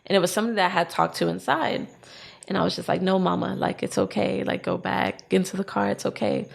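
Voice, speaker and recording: A young adult woman co-hosting a podcast chats casually through a personal story, speaking fast in a creaky, mid-range voice. She's animated and acts out both her own words and other people's.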